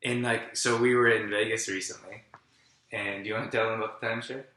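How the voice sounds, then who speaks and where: A man's voice: on the low side, little pitch movement, fast talker, sharp tone. A man in casual chat, rambling and filling his speech with "like". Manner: rambling, heavy use of "like". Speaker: co-host of a wellness channel. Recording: echoey room.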